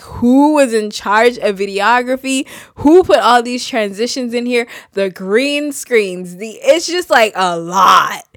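A young Haitian woman hosting a podcast, talking in an animated, chatty way full of fillers and asides. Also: fairly high pitch, no echo, clean studio sound. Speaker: podcast host. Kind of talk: casual solo chat.

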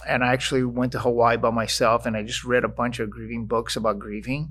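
A man's voice: mid-range voice, little pitch movement, quick pace, a bit bright, a little hiss or hum. A middle-aged man, a podcast guest, talking candidly and earnestly, telling stories and acting out what people said with laughing asides. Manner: earnest storytelling, acts out quotes with laughing asides. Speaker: podcast guest, restaurant founder. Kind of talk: candid conversation.

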